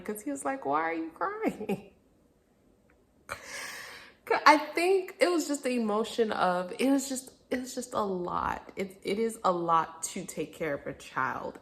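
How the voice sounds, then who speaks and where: A young woman vlogger telling a personal story in a candid, reflective way, now and then laughing through hard memories. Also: on the low side. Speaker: vlogger, mother. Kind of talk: casual personal storytelling to camera.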